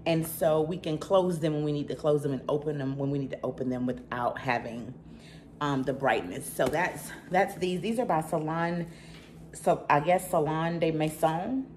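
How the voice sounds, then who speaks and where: A home haul vlog is hosted by a Southern American woman in middle age, her voice low and a little mellow at a normal speed. She talks to viewers directly in a chatty, emphatic way while a slight hum sits underneath.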